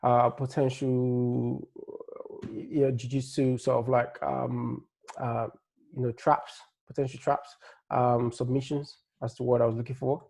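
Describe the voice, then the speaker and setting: A man's voice: mid-range voice, little pitch movement, measured pace, vocal fry, darkish tone. A man giving a laid-back, rambling breakdown of upcoming fights, with a slight Nigerian-tinged accent and plenty of fillers and restarts. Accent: Nigerian-tinged English. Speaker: MMA fight analyst. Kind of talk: casual fight-prediction breakdown.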